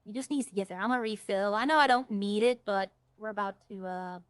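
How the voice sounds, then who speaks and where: A woman's voice: mid-range voice, a little fast, clean tone, dry recording, studio quality. A woman streaming a game, chatting casually with viewers and thinking aloud in a rambling way. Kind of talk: casual gameplay chat to viewers.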